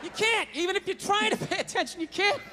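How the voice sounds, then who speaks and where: A man's voice: extremely high pitch, quick pace, long reverb tail, noisy background. A man doing a stand-up routine on a comedy stage, with a profane, ranting delivery into a handheld mic.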